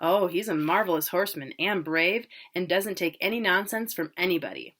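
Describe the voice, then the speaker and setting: A woman's voice: on the low side, expressive, brisk, a bit bright. A woman voicing a proud, cocky young man, the older brother home from college.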